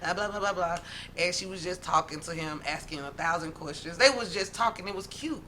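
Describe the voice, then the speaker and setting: Animated, bright-voiced woman telling a story. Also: on the low side, a little fast, slight background noise. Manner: animated, dramatic, talks straight to viewers as "y'all". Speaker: vlogger, storyteller. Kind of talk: casual storytime to camera.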